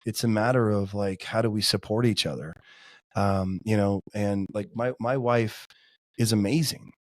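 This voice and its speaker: Earnest man in his forties, low voice. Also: normal speed, a little mellow, dry recording, studio quality. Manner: earnest, heartfelt, filler-heavy. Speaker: podcast guest. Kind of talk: casual interview chat.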